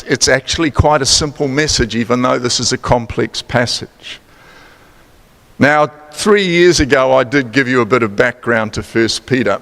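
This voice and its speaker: A man's voice: medium pitch, fairly bright tone. A man with a New Zealand accent preaching a sermon in a chatty, playful way, quizzing the congregation and adding teasing asides. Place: church sanctuary. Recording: long church hall reverb.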